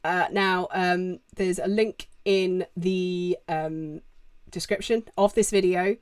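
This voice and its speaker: A woman's voice: lowish voice, steady tone, slow, clean tone, dry recording. A young woman chatting casually on a live-stream Q&A at home, rambling through viewer questions with lots of fillers into a desk microphone.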